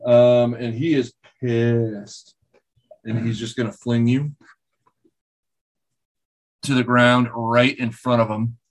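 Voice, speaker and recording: A man narrating as game master in a tabletop game, laid-back and halting, laughing easily with his players. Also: mid-range voice, flat delivery.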